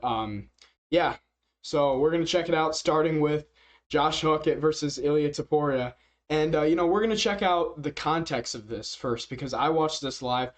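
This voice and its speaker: A man casually commenting as a reaction video host, rambling with many fillers and frequent chuckles. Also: medium pitch. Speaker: MMA reaction youtuber.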